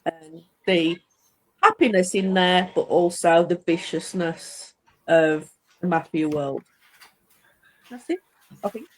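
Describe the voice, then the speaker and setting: A woman's voice: fairly low pitch, slow, pauses often, poor audio. A woman author describing her book series with enthusiasm and some rambling. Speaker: author guest. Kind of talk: casual chat.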